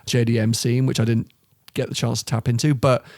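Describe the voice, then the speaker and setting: Animated young Englishman telling stories. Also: medium pitch, brisk, dry recording, studio quality. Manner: animated storyteller, laughs often. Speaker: guest. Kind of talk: casual chat.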